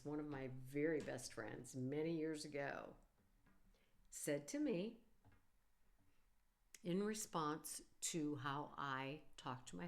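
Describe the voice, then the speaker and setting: A middle-aged woman hosting a podcast, talking earnestly and warmly through advice and stories from her own life. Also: deep voice. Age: middle-aged or older. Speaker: podcast host, psychologist. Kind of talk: casual solo podcast talk.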